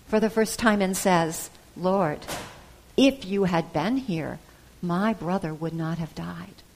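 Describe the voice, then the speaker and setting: A woman preacher giving a sermon, retelling a gospel story with soft pauses and the odd hesitation. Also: mid-range voice.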